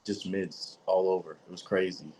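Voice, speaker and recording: Profane, low-voiced man telling stories. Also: moderate pace, a little hiss or hum, low-quality recording. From Michigan, US. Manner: profane, animated storytelling with quoted voices. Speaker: guest. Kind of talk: casual podcast chat.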